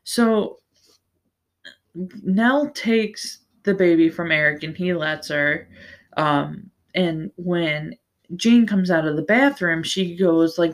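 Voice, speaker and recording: A woman's voice: fairly low pitch, slow pace. A woman hosting a podcast, giving a casual, rambling book recap with plenty of fillers, restarts and the odd swear word. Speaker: podcast host.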